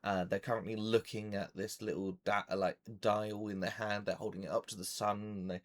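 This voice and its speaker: A man's voice: lowish voice, flat delivery, a little fast. A man narrating as game master for a tabletop game, rambling with many fillers.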